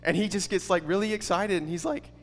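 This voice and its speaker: A man's voice: sits high, fairly quick, in a large hall, a little hiss or hum. A man teaching a Bible study in a conversational way, with casual fillers and rhetorical questions.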